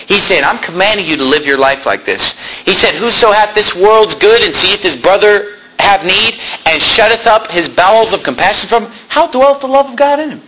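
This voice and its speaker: Brief: male preacher, animated and jokey, bright tone, faint background noise. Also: brisk, few pauses, low-quality recording. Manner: animated, jokey, acts out quoted people in a high voice. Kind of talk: sermon.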